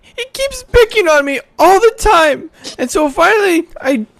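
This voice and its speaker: A man voicing a timid young elf boy who pleads in a high, breaking voice. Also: big pitch swings, unhurried, gravelly, a bit bright, heavily acted. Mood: whiny.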